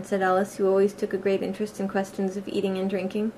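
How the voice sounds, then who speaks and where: A woman narrating a storybook audiobook in a plain, steady reading voice with a few small slips. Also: mid-range voice, quick pace, hardly any pauses, a little hiss or hum. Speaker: audiobook reader.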